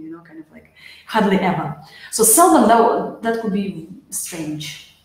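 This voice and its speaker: A woman teaching an informal lesson, chatty and lively, acting out sample answers for her students. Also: medium pitch, measured pace. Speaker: IELTS teacher. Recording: very echoey room.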